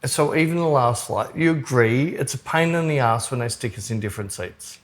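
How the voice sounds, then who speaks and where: A man's voice: mid-range voice, brisk. A man co-hosting a podcast, blunt and opinionated, swearing casually as he talks. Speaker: podcast co-host. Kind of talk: casual chat.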